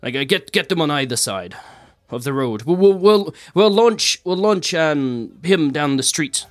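A man voicing a male dwarf performer who speaks haltingly. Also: a little high, expressive, no echo, clean studio sound, pitched above the performer's own voice. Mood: hesitant. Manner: halting, hesitant.

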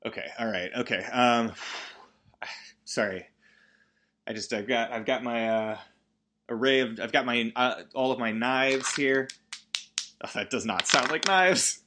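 A man recapping a movie for laughs, rambling and cutting himself off mid-thought. His voice sits at a middle pitch with a bright, forward tone. The delivery is loose and joking throughout. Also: a little slow, pauses often. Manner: rambling, self-interrupting, joking.

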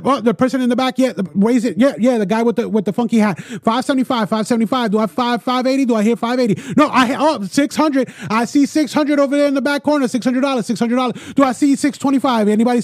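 A man voicing a male auctioneer who rattles off bids in rapid, repeated calls. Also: very high-pitched, no echo, voice pushed up. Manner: rapid, repetitive bid calling. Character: fast-talking male auctioneer calling bids.

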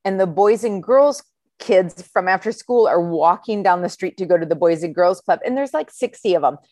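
A woman's voice: moderate pace, no room sound. A woman in her forties, a schoolteacher, telling a story in casual chat and acting out the voices of the people in it. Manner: animated, acts out quoted voices with a high exclaiming tone. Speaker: podcast guest telling a story.

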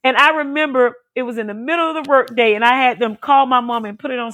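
A woman's voice: high voice, fast talker, hardly any pauses, fairly bright tone. A woman giving an emotional personal testimony as an interview guest, talking earnestly and repeating herself as she tells her story.

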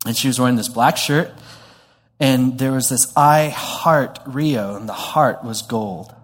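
A male pastor tells a story from the pulpit, animated and self-deprecating, often restarting his sentences. His voice sits at an ordinary middle pitch. It rings with the long reverb of a church hall. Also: measured pace. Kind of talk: sermon storytelling.

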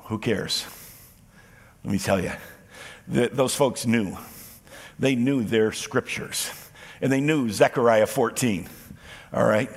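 A man preaching a sermon as pastor, animated and expressive, acting out quoted lines as he speaks. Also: medium pitch, slow pace, pauses often, slightly rough, in a large hall.

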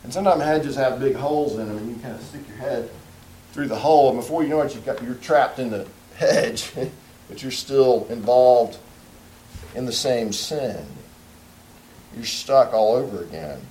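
A man preaching a sermon in a conversational, storytelling way, with loud bursts for emphasis. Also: mid-range voice, moderate pace, echoey room, slight background noise, low-quality recording. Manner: storytelling, acts out a comedy sketch. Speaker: pastor.

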